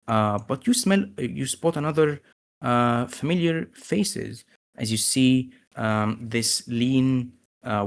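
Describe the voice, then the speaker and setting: A man with a gravelly voice narrating as game master, hesitant with many fillers. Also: on the low side.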